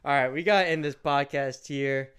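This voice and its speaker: A man's voice: medium pitch, moderate pace, fairly bright tone, clean tone, no echo. A man co-hosting a podcast in rambling, drunken casual chat, laughing and trailing off. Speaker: podcast co-host.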